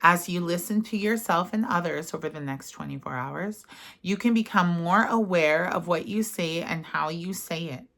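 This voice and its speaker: A woman leading a guided affirmation session, reading gently and then talking casually with fillers. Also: lowish voice. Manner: gentle and unhurried, slipping into casual fillers when speaking freely. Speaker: self-help guide. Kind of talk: guided affirmation session, partly read aloud.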